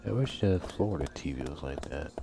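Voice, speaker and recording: A deep-voiced man rambles through casual gameplay commentary in a crude, offhand way, with plenty of swearing. Clear game music plays behind him. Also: animated, brisk. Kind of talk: casual let's-play commentary.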